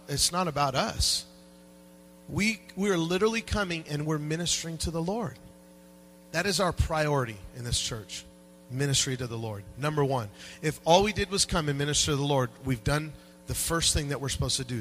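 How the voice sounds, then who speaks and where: Man preaching in a church: animated, jokey pastor, bright and slightly high, with a faint hum on the mic. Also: poor audio. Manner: animated, swings from quiet asides to loud shouted peaks; conversational and joking with the congregation. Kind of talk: sermon. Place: church sanctuary.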